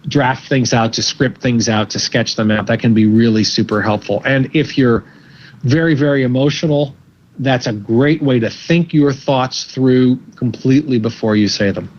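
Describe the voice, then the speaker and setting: A man speaking as a psychologist guest in an interview, giving measured advice and often repeating words as he thinks. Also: medium pitch, dull audio. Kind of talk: interview answers.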